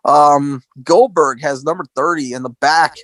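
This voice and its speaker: A man tells the story in casual podcast chat. His voice sits a bit high, and he keeps the pace lively by jumping into other people's quotes. The sound is dry and close, with no room behind it. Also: a little slow, dry recording. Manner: animated storytelling, acts out quotes in a raised voice. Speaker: podcast co-host. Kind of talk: casual wrestling recap.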